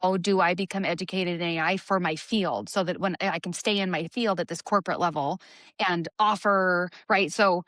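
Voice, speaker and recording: A woman in her forties co-hosting a podcast, emphatic and quick with asides in casual chat. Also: fairly low pitch, steady tone, fairly bright tone, no room sound, clean studio sound. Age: 40s. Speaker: podcast co-host, personal trainer.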